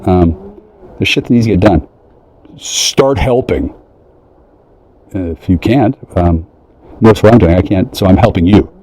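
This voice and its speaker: A man talking straight to his listeners in a profane, agitated, rambling rant that jumps from one idea to the next and mocks other people in high voices. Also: a little slow, long pauses, darkish tone, husky, poor audio. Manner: profane, agitated, conspiratorial, jumps between ideas; mocking quoted voices in a high pitch.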